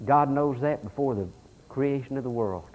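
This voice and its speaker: A pastor preaching a sermon, telling folksy stories and reading scripture aloud with animation. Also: male voice, mid-range voice, normal speed, darkish tone, rough recording.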